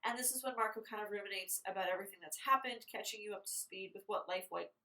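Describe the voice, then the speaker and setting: A woman's voice: mid-range voice, quick pace, pushed and bright, recorded from a distance, poor audio. A woman co-hosting a podcast, chatting casually about a book and correcting plot details. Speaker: podcast co-host. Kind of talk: casual book recap chat.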